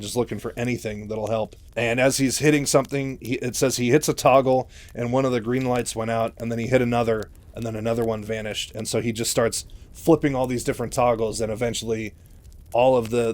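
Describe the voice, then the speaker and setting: A man retelling a book's story in a loose, chatty manner, with lots of fillers along the way. His pitch sits in an ordinary middle range. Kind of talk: casual retelling of a novel.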